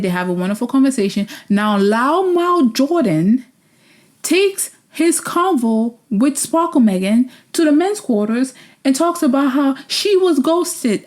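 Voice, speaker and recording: A woman with a mellow, darker tone gives a casual, sarcastic recap as a vlog host. She is lively and opinionated, and now and then her voice jumps up into high, exasperated exclamations. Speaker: vlog host reviewing a reality show. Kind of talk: casual reaction commentary.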